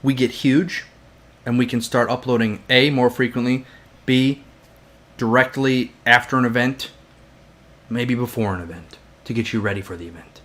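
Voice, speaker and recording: A man's voice: medium pitch, moderate pace, pauses often, a bit bright, a little hiss or hum. A young man co-hosting a casual podcast, chatting and teasing his viewers. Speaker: podcast co-host. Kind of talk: casual chat.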